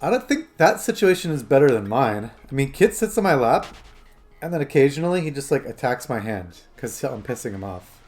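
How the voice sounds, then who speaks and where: A man live-streaming a game rambles casually to his chat and his phone. His mid-range voice swings around with animated intonation, and faint game music plays underneath. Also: medium pitch, brisk.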